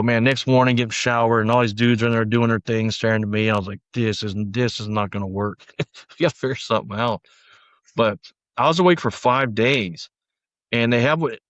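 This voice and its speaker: A former sheriff's deputy, appearing as a podcast guest, bluntly tells his story in a rambling, casual way full of fillers. His voice is lowish, and the audio is dull with no room sound.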